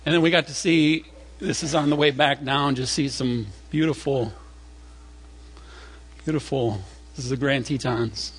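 A man preaching a sermon through an animated personal story, acting out voices along the way, chatty and full of fillers and restarts. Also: medium pitch, a little slow, long pauses, slightly rough. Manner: animated, acts out voices in stories. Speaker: pastor.

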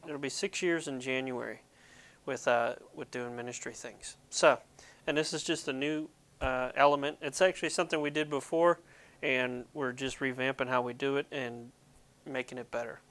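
A man in Pennsylvania hosts a ministry video, giving viewers a casual devotional talk. His medium-pitched, slightly bright voice keeps a steady tone at a moderate pace as he jokes, rambles, and pokes fun at himself.

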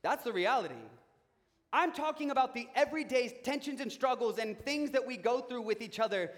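A young adult man preaching a sermon, telling stories about himself in a relaxed, joking way. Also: very high voice, fairly quick. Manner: conversational, self-mocking storytelling. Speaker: pastor. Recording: long reverb of a large hall.

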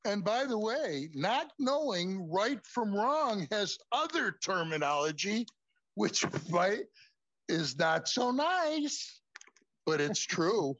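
High-pitched guy giving a chatty sermon, keeps saying folks, dull lo-fi sound. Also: big pitch swings, takes it slowly, a bit bright, no room sound. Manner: conversational, repeatedly says "folks". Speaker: preacher teaching a class. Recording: muffled, lo-fi recording.

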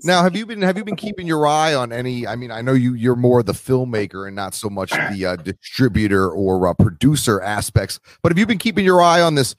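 A man's voice: mid-range voice, expressive, fairly quick, hardly any pauses, no echo. A man interviewing a filmmaker in a casual chat. He asks long, rambling questions and laughs easily.

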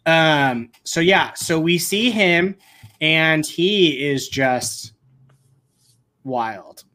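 A man hosting a casual podcast, talking in an unhurried, drawn-out way. He gets excitable and rambles, restarting his sentences as he goes along. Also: a little high. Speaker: podcast host. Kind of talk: casual pop-culture chat.

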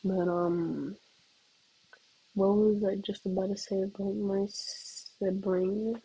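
A teenage girl rambles through a casual comedic rant, full of fillers and giggles. Her voice is soft and breathy, her pace slow and drawn out, and her pitch sits in an ordinary middle range. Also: level tone, rough recording. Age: teens. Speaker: student.

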